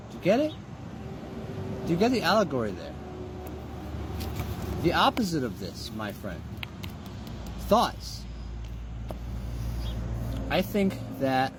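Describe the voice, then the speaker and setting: A man's voice: mid-range voice, noisy background. A man giving a motivational monologue in an emphatic, preachy way, with rhetorical questions and some swearing.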